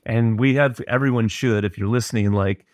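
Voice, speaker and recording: Middle aged guy on a podcast telling his story, earnest, kinda halting, dry close sound. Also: on the low side, fairly even intonation, dry recording. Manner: earnest, reflective retelling with frequent restarts. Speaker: podcast guest. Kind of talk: personal storytelling in conversation.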